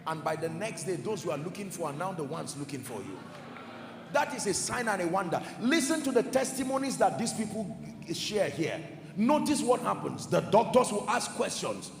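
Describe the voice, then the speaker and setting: A fervent male preacher with a high, lively voice that carries a gravelly edge. His sermon rings through a large, echoing hall with long reverb, and music plays underneath. He talks emphatically, rising to shouts and then falling to hushed tones. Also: moderate pace. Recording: echoey hall with music behind. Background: soft music.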